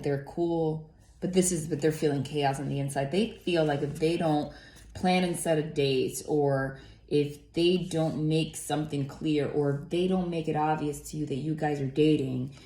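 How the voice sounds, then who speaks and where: A woman's voice: fairly low pitch, darkish tone. A woman giving a casual tarot reading in a chatty, rambling way, full of fillers and casual swearing. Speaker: tarot reader. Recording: roomy echo.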